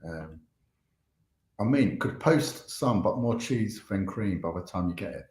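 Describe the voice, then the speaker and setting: A man's voice: low voice, expressive, unhurried, a little mellow, roomy sound. A young man with a London accent hosting a charity livestream, chatting casually as he reads out comments, rambling, repeating himself and laughing often. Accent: London English.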